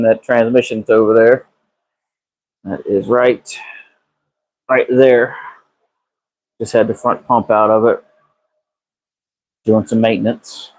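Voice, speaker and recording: A man's voice: mid-range voice, low-quality recording. A man live-streaming from his garage on a phone, chatting casually with viewers by name and swearing freely. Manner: relaxed, drawling, swears freely, answers chat by name. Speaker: car builder live-streaming a transmission repair. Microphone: phone camera.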